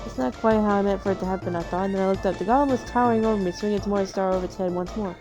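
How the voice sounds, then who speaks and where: A woman's voice: mid-range voice, racing, music in the background. A woman streamer reading a game's story aloud, breaking off for playful, chatty asides. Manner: playful, chatty asides between read lines. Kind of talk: casual read-aloud with asides.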